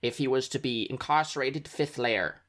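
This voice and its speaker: A man's voice: mid-range voice, normal speed, a bit bright, natural voice. A man voicing a formal, earnest male rebel contact in a tabletop game, with a stiff, faintly transatlantic delivery. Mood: grave. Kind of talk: tabletop role-play character voice.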